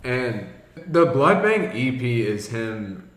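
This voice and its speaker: A man's voice: mid-range voice, sing-song, slow. A young man chatting casually and with enthusiasm about favorite songs, rambling with lots of "like" fillers. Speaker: music podcast co-host. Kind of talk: casual chat. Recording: echoey room.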